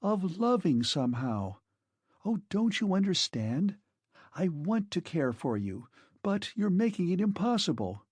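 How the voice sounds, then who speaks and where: A man's voice: sits high, very animated, a little slow, a little mellow, slightly rough, dry recording, voice pushed up, heavily acted. A man reading an audiobook, voicing a serious, idealistic woman who speaks firmly and fervently. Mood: reproachful. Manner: firm, fervent.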